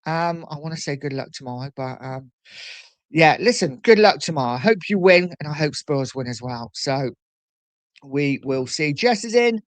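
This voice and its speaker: A man hosting a casual livestream, chatting and reading out viewer comments in a relaxed, rambling way. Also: fairly high pitch, moderate pace, no room sound. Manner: relaxed and chatty, lots of fillers and repeats. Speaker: livestream host. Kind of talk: casual live-stream chat reading comments.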